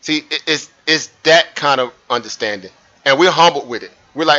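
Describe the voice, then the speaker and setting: Man, trading livestream host, bright tense voice, fairly high pitch, muffled lo-fi audio. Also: normal speed. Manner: animated, repeats himself, asks viewers rhetorical questions. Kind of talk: live market commentary over a chart.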